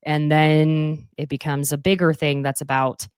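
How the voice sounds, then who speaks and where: A woman's voice: low-pitched, flat delivery, unhurried, clean tone, dry recording, clean studio sound. A young woman hosting a podcast, recapping a reality show in a chatty, opinionated way and quoting cast members. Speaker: podcast host. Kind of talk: casual recap commentary.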